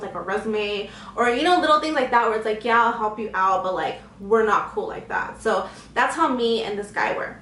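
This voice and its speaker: A woman's voice: mid-range voice, fairly bright tone, a little hiss or hum. A young woman telling a personal story in a candid, chatty way, acting out what others said. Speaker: vlogger. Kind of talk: casual storytime chat. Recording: echoey room, faint ambience.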